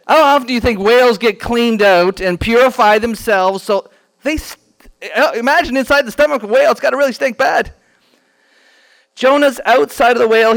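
A man teaching a children's Bible lesson in a church classroom, animated and quizzing the class with questions. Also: high-pitched.

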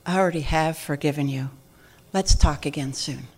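A woman voicing God in a church skit, speaking to a pastor in a measured, reassuring way. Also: low voice. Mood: calm, reassuring.

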